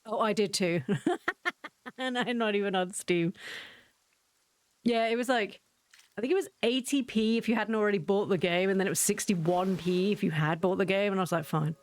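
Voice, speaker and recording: A woman's voice: medium pitch, moderate pace, pauses often, no echo. A woman streaming a game, chatting casually with viewers in a giggly, self-mocking way.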